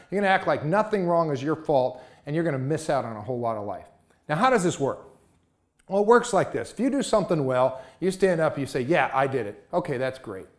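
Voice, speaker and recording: A man giving a motivational talk, emphatic and full of rhetorical questions. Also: fairly high pitch.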